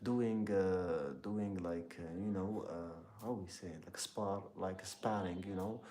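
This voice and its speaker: A young man from Algeria with an Algerian accent, chatting casually with live viewers and often pausing to search for his words. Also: low-pitched, fairly even intonation, mellow. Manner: halting, searching for words, heavy use of "like" and "you know". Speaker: live streamer answering chat.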